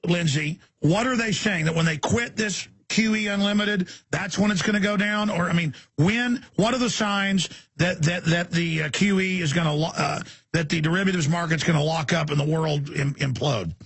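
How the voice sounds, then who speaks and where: A man's voice: high-pitched, moderate pace, hardly any pauses, a bit bright, slightly rough, dry recording. A man hosting a call-in radio talk show, rambling with many fillers as he plugs material and takes calls.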